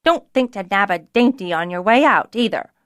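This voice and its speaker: A woman's voice: medium pitch, lively intonation, normal speed, smooth, no room sound, studio quality, natural voice. A woman voicing a brusque, busy female kitchen cook who scolds sharply and gets flustered. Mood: scolding.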